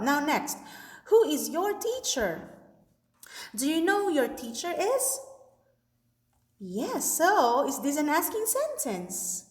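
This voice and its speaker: Slow, sing-song woman teaching young kids. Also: high voice. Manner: slow, sing-song teacher talk with many checks for understanding. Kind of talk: recorded online class lesson. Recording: echoey room with long reverb.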